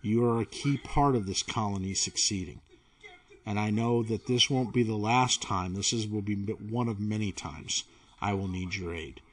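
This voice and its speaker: A man voicing an earnest female colony mayor who pleads and persuades in a measured way. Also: on the low side, pitched below the performer's own voice, natural voice. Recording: voice from away from the mic.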